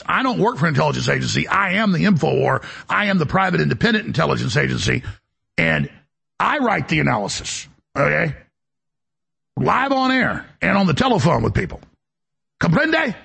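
A man hosting a talk show, delivering a rambling, emphatic monologue in a gravelly, raspy voice. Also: a little high, fairly bright tone. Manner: emphatic, boastful, jumps between topics.

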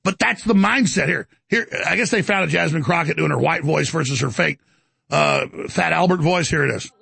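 A man's voice: fairly high pitch, moderate pace, creaky, bright, forceful tone, husky, no room sound. A male talk show host ranting sarcastically, with mocking asides and stammered restarts. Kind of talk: ranting talk radio monologue.

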